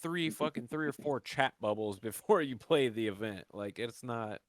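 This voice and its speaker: A man's voice: medium pitch, expressive, normal speed, dry recording. A man co-hosting a casual gaming podcast, bantering bluntly. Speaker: podcast co-host. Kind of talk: casual chat.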